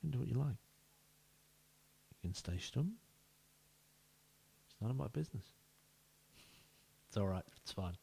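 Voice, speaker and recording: A man's voice: mid-range voice, expressive, measured pace, creaky, pauses often, mellow, breathy edge. A man giving casual, jokey let's-play commentary as a gaming video host, bantering with the players in the game.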